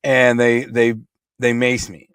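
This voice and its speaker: A man's voice: medium pitch, completely flat delivery, takes it slowly, a bit bright, smooth, no echo. A middle-aged man from Michigan with a Michigan accent, telling a rambling story in blunt, streetwise words as a podcast guest. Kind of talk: casual storytelling.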